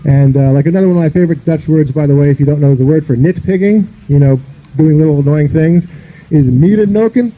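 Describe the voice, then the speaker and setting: A man's voice: on the high side, quick pace, muffled recording. A man from the northern United States doing a loose, rambling stand-up comedy set on an outdoor park stage, filling his talk with "you know".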